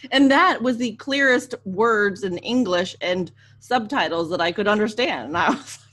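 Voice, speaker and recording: A woman's voice: medium pitch, moderate pace, fairly bright tone. A woman co-hosting a casual movie podcast, exasperated and blunt, swearing and laughing. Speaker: podcast co-host. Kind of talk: casual chat.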